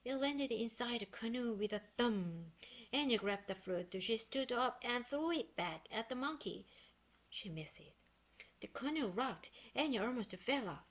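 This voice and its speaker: A woman reading a children's book aloud in expressive, unhurried storytelling; her first language is Korean. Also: fairly high pitch. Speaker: book reader.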